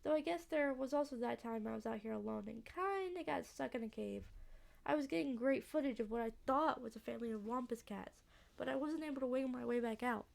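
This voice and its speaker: A cheerful young woman who hunts cryptids for her channel, read by a woman playing a game. She chats along breezily in a high voice with a gravelly edge. The telling stays light and quick. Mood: chatty. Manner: chatty, breezy storytelling.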